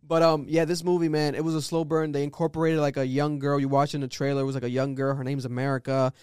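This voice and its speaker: A young man talks fast and loose in a casual podcast chat, piling on fillers as he builds a story. His voice sits a little high and sounds smooth and clear. It is close-miked and dry, with no room sound. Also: flat delivery, darkish tone, no echo. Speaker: podcast co-host.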